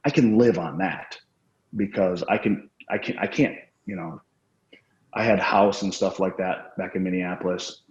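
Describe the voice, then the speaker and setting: A man's voice: low-pitched, a little mellow. A man telling rambling, profane anecdotes as a guest in a casual interview. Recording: roomy, dull lo-fi sound.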